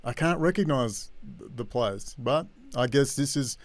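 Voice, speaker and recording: A man's voice: medium pitch, lively intonation, unhurried, dry recording. An Australian man hosting a casual live-stream chat, talking in a rambling, blunt, slangy way. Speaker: host of a live online chat.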